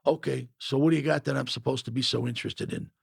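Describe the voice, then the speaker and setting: A man voicing a rude, obnoxious small-time bar owner who talks bluntly, in a gravelly voice. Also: mid-range voice, fairly even intonation, fast, no room sound, clean studio sound, exaggerated voice.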